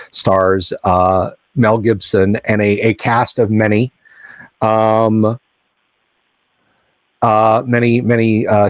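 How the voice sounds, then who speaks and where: A man's voice: mid-range voice, dry recording. Man, middle-aged, stream host, casual chat, rambling, fillers and restarts, dry close sound.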